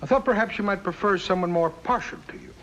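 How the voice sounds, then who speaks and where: An actor playing a scheming, sneering foreign diplomat in a 1950s TV drama, on a faintly hissy old soundtrack. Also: male voice, high voice, fast talker, a bit bright, poor audio. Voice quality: sneering, accusatory.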